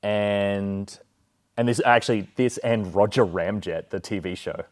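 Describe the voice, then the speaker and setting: Aussie guy, low voice, earnest rambly storytelling on a film chat. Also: a little slow. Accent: Australian. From Australia. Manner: earnest, chatty storyteller, many fillers. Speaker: guest. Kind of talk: casual film discussion.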